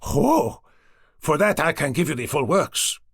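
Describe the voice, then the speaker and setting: A man's voice: a little high, sing-song, measured pace, gravelly, a bit bright, husky, no echo, studio quality, pitched above the performer's own voice, full character voice. A man voicing a cheerful, skinny young man who plays a fake shaman for tourists, talking eagerly like a salesman. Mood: chirpy, eager.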